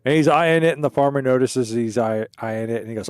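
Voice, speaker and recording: A man's voice: medium pitch, fairly quick, few pauses, darkish tone, no echo, clean studio sound, soft background music. A man hosting a game stream in casual chat, telling jokes in a rambling, digressive way. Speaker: gaming streamer. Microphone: streaming microphone.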